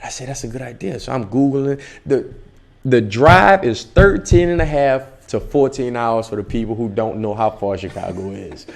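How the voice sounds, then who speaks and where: A young man, an actor, casually telling a story in an interview and acting out the dialogue with lively voices. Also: medium pitch, moderate pace, gravelly. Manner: animated, acts out dialogue in the story. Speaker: actor guest.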